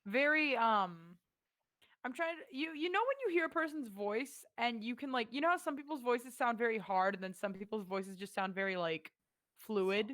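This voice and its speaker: A woman's voice: fairly high pitch, moderate pace, a bit bright. A young woman game master who rambles casually, searching for words with many fillers. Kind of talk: casual tabletop game chat.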